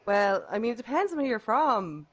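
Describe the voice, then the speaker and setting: A woman's voice: fairly high pitch, sing-song, brisk. Teasing Irish woman in casual chat. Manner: teasing, playful.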